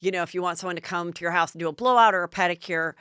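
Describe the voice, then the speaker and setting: A woman's voice: lowish voice, very fast, pushed and bright, clear, resonant tone, no echo, clean studio sound. A woman hosting a podcast, recapping TV gossip in a chatty, sarcastic way and swearing freely. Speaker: podcast host.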